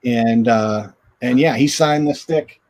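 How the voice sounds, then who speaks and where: Taking his time, a medium-pitched middle-aged man who once played goalie in hockey tells stories as an interview guest over video call. He's animated, and he raises his voice when acting out what people said.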